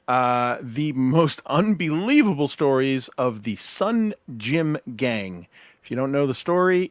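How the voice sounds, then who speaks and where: A man's voice: mid-range voice, dry recording. A man guest-hosting a casual livestream podcast, loose and swearing, with lots of uhs. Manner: loose, laughing, swears freely, many filler uhs.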